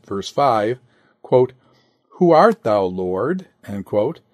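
A man reading an old sermon aloud in a deliberate manner. He announces "quote" and "end quote" and lifts his voice on the scripture he cites. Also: medium pitch, a little mellow, no room sound, clean studio sound. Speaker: sermon reader.

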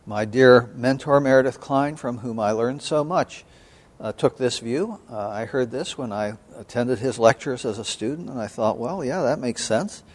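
A man lecturing as a seminary professor on scripture, measured and thoughtful, with frequent pauses and an occasional throat-clearing. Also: mid-range voice. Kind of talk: biblical studies lecture.

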